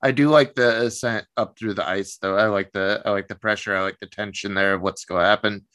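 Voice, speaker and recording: Podcast dude, bright lowish voice, super dry mic, jokey and relaxed. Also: male voice, a little fast, no echo. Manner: relaxed, joking, short backchannels. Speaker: podcast co-host. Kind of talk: casual film discussion.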